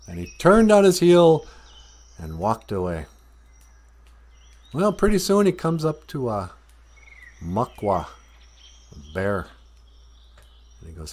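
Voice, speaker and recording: Man casually telling an animal story outside, slow but animated, laid-back. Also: deep voice. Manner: relaxed and conversational, with fillers. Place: outdoors.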